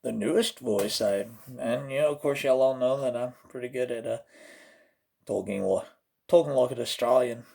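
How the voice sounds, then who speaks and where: A man's voice: medium pitch, normal speed, vocal fry, dark tone. A man from Oklahoma with an Oklahoma accent, hosting a comedic vlog in a rambling, jokey way that keeps slipping into put-on voices. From Oklahoma, USA. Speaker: host.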